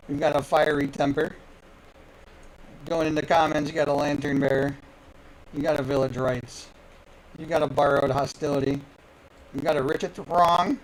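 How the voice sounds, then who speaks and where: A man's voice: on the high side, slight background noise, low-quality recording. Hyped man hosting a card-opening stream. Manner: hyped, playful, talks straight to viewers. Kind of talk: excited live stream chatter.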